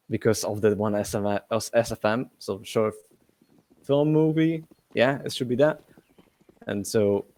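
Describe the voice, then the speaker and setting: A man's voice: medium pitch, darkish tone, no room sound. A young man casting a live esports match in a chatty way, laughing often, with slightly non-native phrasing. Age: young adult. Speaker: esports commentator.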